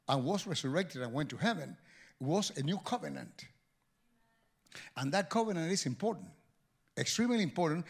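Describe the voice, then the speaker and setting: A man preaching a sermon as pastor, animated and joking with the congregation. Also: fairly high pitch, vocal fry, husky.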